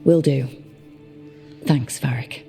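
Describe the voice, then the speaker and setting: A woman's voice: rumbling low, slow pace, mellow, faint music behind, full character voice. An actress with a Geordie accent playing a young woman who leads a team in a video game, speaking steadily and matter-of-factly.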